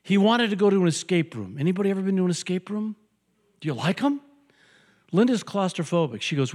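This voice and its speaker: Lively older man preaching in a reverberant hall. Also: high voice, fairly quick. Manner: animated, joking storyteller with emphatic repetition. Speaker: pastor. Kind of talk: sermon.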